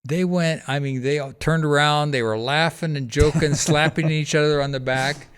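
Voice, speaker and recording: A man being interviewed on a podcast, telling a lively anecdote and acting out the other people's lines with frequent laughter. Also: on the high side, moderate pace, slight background noise. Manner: animated anecdote-telling, acting out quoted voices, laughs often. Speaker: podcast guest, charity founder. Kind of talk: casual storytelling interview.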